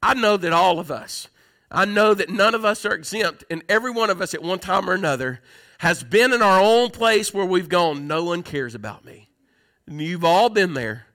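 A man delivers an impassioned sermon in a high, bright, ringing voice. He rises to emphatic, drawn-out declarations, then drops into hushed, tender stretches. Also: expressive. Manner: impassioned preaching, swinging from loud emphatic peaks to hushed, tender passages. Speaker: pastor.

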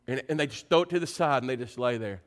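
A man preaching a sermon. He moves between quiet, earnest pleading and animated storytelling. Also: fast. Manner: animated, rising to high excited pitch when telling stories.

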